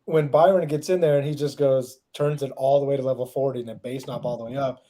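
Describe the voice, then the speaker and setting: Relaxed male co-host with a warm, mellow voice who keeps the chat moving with easy questions. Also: mid-range voice, quick pace. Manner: laid-back, laughs often, asks guests questions. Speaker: podcast co-host. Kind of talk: casual chat.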